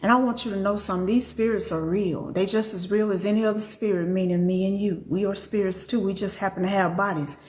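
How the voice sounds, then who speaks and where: A woman's voice: medium pitch, steady tone, quick pace, few pauses. An older woman teaching as a spiritual reader on a live stream. She speaks bluntly and animatedly, swears freely, and laughs often.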